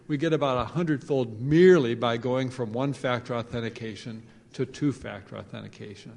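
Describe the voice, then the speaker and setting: A man giving a conference presentation, animated, with joking asides and phrases repeated for emphasis. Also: mid-range voice, creaky. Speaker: conference speaker. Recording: long reverb of a large hall.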